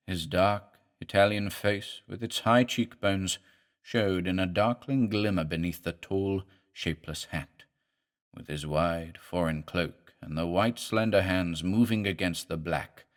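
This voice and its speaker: A man narrating a horror story in a measured, dramatic reading. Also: low-pitched.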